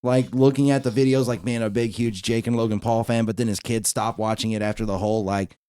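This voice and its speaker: A man who is a guest on a casual podcast, telling stories in an animated way, laughing often and swearing freely. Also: on the low side, quick pace, smooth.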